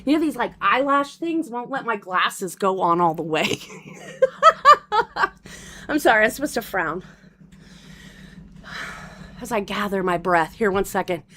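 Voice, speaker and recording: A middle-aged woman hosting a casual livestream chat, laughing often and slipping into mock-gloomy deadpan asides. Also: medium pitch, unhurried, long pauses. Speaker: livestream host.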